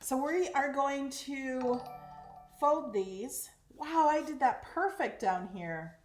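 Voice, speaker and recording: A woman hosting a casual craft tutorial, chatty and excitable as she talks through each step while working. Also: sits high, slow, faint music behind. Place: craft room at home. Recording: echoey room, faint noise.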